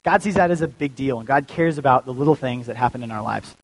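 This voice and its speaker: A man's voice: medium pitch, quick pace, low-quality recording. A young man giving a casual, joking sermon as a youth pastor, full of fillers and restarts. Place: church.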